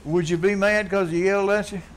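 Man preaching with a fairly high voice, blunt and folksy, loud bursts between low asides. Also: steady tone, brisk. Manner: blunt, folksy, swings from quiet asides to yelling. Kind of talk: fiery sermon.

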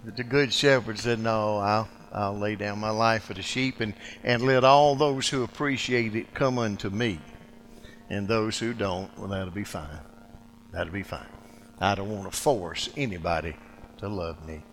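A man preaching a sermon, acting out quoted speech and swinging dramatically from loud outbursts to hushed lines. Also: lowish voice, steady tone, unhurried, a little hiss or hum.

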